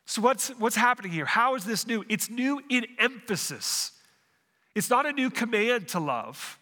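A man's voice: extremely high pitch, big pitch swings, moderate pace, bright, forceful tone, big-room sound. A man preaching a sermon, working through a passage verse by verse, often restarting phrases and asking the congregation questions. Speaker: pastor.

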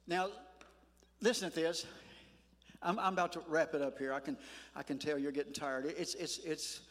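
An older man preaching a sermon in a church, folksy and emphatic, slowing down to stress words. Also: on the high side, steady tone, fairly bright tone. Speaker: pastor. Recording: echoey church hall.

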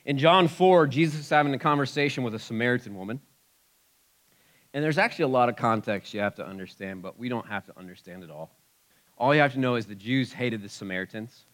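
A man preaching a sermon in a church, moving from soft asides to loud exclamations. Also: mid-range voice, fast. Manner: animated, swings from soft asides to loud shouts. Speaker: pastor.

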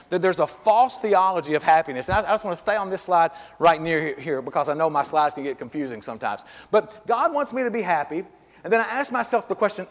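Man, pastor, high voice, conversational sermon, rhetorical questions, long church reverb. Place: church sanctuary.

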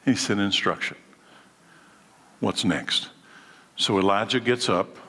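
A man's voice: lowish voice, pushed and bright. Man preaching in a reverberant hall. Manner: preaching with rhetorical questions and acted-out dialogue. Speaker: pastor. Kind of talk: sermon.

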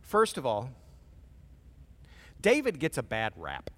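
A man's voice: medium pitch, wildly swooping pitch, slow, fairly bright tone. A pastor preaching a sermon in a casual, conversational way, acting out voices as he goes. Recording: long reverb of a large hall.

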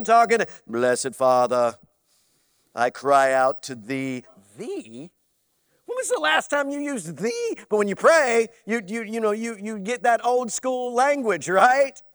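A man preaching a sermon, animated and swinging from loud to soft, with playful mock voices. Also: very high voice, dry recording, studio quality. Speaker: pastor.

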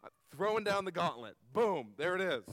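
A man preaches to a gathered audience, pitched high for his sex, telling stories from his own life with earnest conviction. He turns often to the crowd with questions. The close, dry voice is followed by a long reverb tail from a large meeting hall. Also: big pitch swings, moderate pace, fairly bright tone. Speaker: pastor. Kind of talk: sermon.

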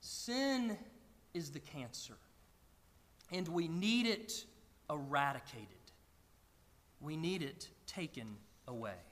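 A man's voice: fairly high pitch, lively intonation, slow pace, pauses often, fairly bright tone, in a large hall. A man preaching a sermon to a congregation, earnest and often stammering through restarts. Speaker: pastor. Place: church sanctuary with a congregation.

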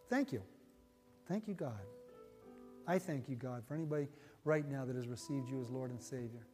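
A male pastor preaching a sermon and leading an altar-call prayer, earnest and folksy, repeating his phrases and dropping to a hush as he prays. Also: mid-range voice, big-room sound. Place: church sanctuary.

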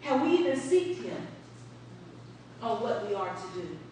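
A woman's voice: medium pitch, sing-song, measured pace, warm tone. A woman preaching a conversational sermon to a congregation, telling stories, asking questions and laughing often. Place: church sanctuary. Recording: very echoey room from far off, faint hiss.

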